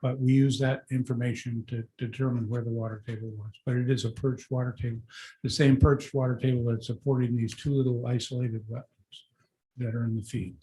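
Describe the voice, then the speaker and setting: Guy walking a board thru a building plan, flat n mellow, lots of uhs. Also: medium pitch, fairly quick, a little hiss or hum, rough recording. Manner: steady, explanatory with fillers. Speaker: applicant's representative. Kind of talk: presenting a project.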